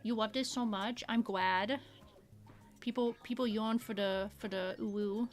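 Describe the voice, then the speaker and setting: A woman's voice: medium pitch, steady tone, measured pace, faint music behind, close to an everyday voice. A woman streamer putting on a sweet, playful uwu baby-talk voice, lisping and drawing out her words as she chats while drawing. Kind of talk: casual live-stream chat while drawing.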